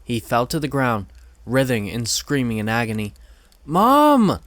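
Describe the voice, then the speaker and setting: A man reading horror stories aloud in measured, steady scripted narration. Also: medium pitch, dry recording.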